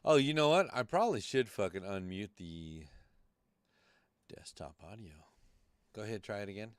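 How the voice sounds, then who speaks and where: A man's voice: lowish voice, lively intonation, normal speed, smooth, no echo. A man hosting a live podcast stream, talking loosely and cursing as he rambles through tech troubles. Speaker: podcast host. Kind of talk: casual live-stream chat.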